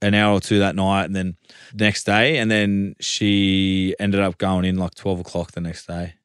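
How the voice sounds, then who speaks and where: A man's voice: low voice, little pitch movement, unhurried, fairly bright tone, smooth, no echo, studio quality. A man with an Australian accent telling a long story in casual chat, full of fillers and restarts. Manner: rambling storytelling with many fillers. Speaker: podcast guest, footballer.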